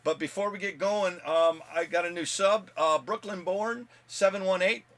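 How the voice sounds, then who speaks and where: A man's voice: high voice, moderate pace, a bit bright. A man hosting his own comic book video blog, talking casually and rambling with many fillers. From United States. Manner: rambling, chatty, with fillers and laughs. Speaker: comic book channel host.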